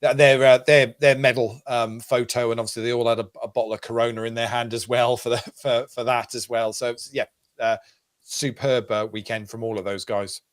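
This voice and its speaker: Uk guy hosting a poker stream, rambly with lots of ums, medium pitch. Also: level tone, a little fast. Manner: rambling, many fillers and restarts. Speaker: host. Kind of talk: casual chat and poker commentary.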